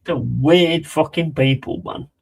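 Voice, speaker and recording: A man's voice: fairly high pitch, takes it slowly, creaky, darkish tone, husky, rough recording. A man chatting casually on a live stream, rambling, mocking and swearing a lot.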